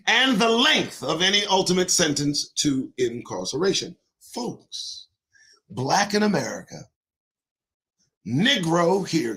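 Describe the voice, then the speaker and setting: Emphatic high-voiced man reading and preaching. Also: bright, forceful tone. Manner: emphatic, repeats key lines, asks listeners pointed questions. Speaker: host reading and commenting on a report. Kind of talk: reading aloud with fiery commentary.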